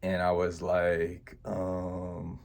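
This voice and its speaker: A young man with a deep, low voice shares a personal story from his past. He talks in a reflective, unhurried way and leans on "you know" and small restarts as he recalls it. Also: monotone, vocal fry, a little mellow. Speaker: vlogger.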